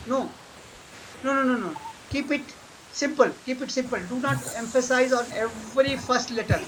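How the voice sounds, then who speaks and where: A man teaching German pronunciation online, correcting a student and repeating words slowly. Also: extremely high pitch, noisy background. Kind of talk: online language lesson.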